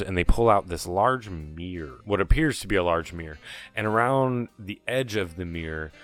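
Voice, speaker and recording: A man narrating as game master of a tabletop game, describing scenes in a relaxed, rambling way, with faint music behind. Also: deep voice. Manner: descriptive, relaxed, with restarts and fillers.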